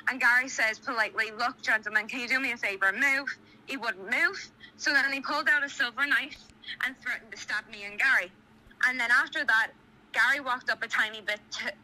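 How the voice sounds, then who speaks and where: Dublin woman caller, agitated and rambling, high sharp voice. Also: rough recording. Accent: Irish (Dublin). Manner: rambling, restarts, retells quoted dialogue. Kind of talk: agitated phone account. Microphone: phone on speaker.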